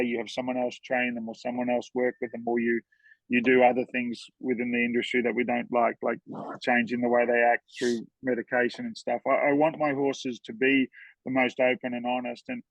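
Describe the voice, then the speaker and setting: An earnest man telling heartfelt stories in a relaxed podcast chat, often restarting his words. His voice comes through a dull, lo-fi recording with a dry sound and no room echo. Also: medium pitch. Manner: earnest, storytelling, repeats words when moved. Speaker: horseman guest.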